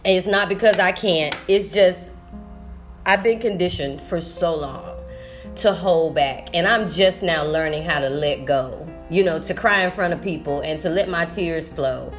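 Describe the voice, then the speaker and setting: A woman's voice: fairly low pitch, unhurried, faint music behind. A woman teacher talking through a personal vlog monologue, emotional and rambling, restarting her sentences often. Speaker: sixth-grade teacher.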